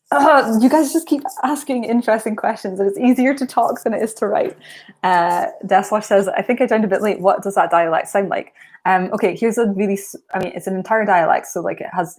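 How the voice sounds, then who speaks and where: A woman's voice: mid-range voice, darkish tone. A young Scottish woman from Aberdeen, chatting casually on a writing livestream, rambling with plenty of ums and likes. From Aberdeen, Scotland. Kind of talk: casual live-stream chat.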